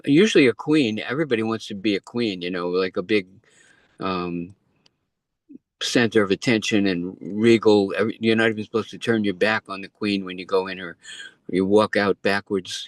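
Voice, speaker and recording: A man shares a story with a class over his phone, relaxed and chatty. The sound is dry and close, with no room around it. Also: fairly low pitch, normal speed, no room sound. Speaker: class participant.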